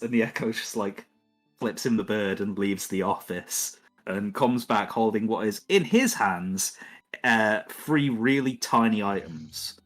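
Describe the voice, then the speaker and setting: A man's voice: on the low side, lively intonation, measured pace, soft background music. A man running a tabletop game as game master on a livestream, narrating in a casual, self-mocking way. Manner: casual, self-mocking, laughs at own voices.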